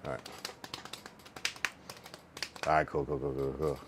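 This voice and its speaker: A man's voice: rumbling low, little pitch movement, measured pace, pauses often, background noise. A young man on a casual live stream, chatting loosely and repeating a word again and again to get the pronunciation right. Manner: loose and rambling, with many fillers and laughs. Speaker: livestreamer.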